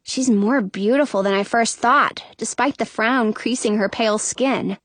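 A woman narrating a children's storybook in first person, expressive and in the voice of a young girl. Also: mid-range voice, unhurried, dry recording. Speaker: audiobook narrator.

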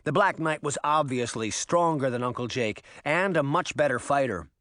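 A man giving an expressive, dramatic audiobook narration. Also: mid-range voice, normal speed, no echo, studio quality. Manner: dramatic, animated reading.

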